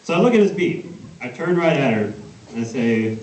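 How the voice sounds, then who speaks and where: A man's voice: medium pitch, sing-song, normal speed, darkish tone. Pun-telling man on a distant stage. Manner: punny storytelling with self-deprecating laughs. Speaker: stand-up comedian, pharmacy student. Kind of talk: stand-up comedy routine. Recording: roomy hall, distant mic, hiss.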